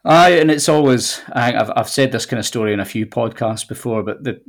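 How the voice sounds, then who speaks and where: A man in his forties with a Scottish accent, chatting on a podcast as a guest and telling relaxed, nostalgic stories with plenty of fillers. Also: mid-range voice, brisk. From southwest Scotland. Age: 40s. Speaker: golf links manager guest. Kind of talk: casual podcast chat.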